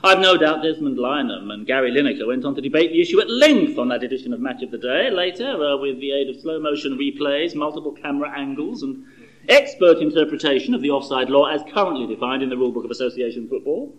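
A middle-aged man giving a sermon, telling a story and asking rhetorical questions in a conversational, animated way. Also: medium pitch, quick pace, lo-fi sound.

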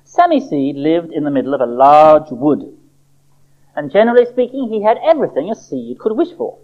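A preacher reading scripture aloud and telling a story, expressive and measured. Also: medium pitch. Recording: dull lo-fi recording.

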